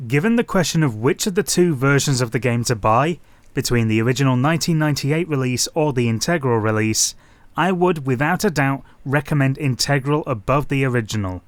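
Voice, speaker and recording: Man, young adult, scripted review narration, dry and wry, mid-pitched voice, faint music underneath. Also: expressive, a little fast, no echo. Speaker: game reviewer. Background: faint background music.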